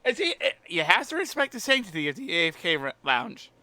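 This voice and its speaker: A man's voice: high-pitched, sing-song, a little fast, bright, forceful tone, dry recording. A man in casual chat at a tabletop game, telling a rambling story with restarts.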